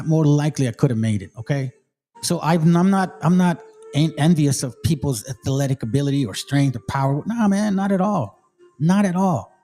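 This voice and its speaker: A man's voice: mid-range voice, mellow. Fired-up man commenting on clips. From Mexico. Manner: emphatic, street-casual preaching. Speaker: channel host. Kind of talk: commentary on a played debate clip.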